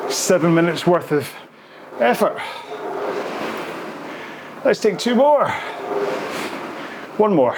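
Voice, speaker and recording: A man's voice: fairly high pitch, background noise. A man coaching a follow-along rowing workout while rowing himself, out of breath, counting strokes and encouraging.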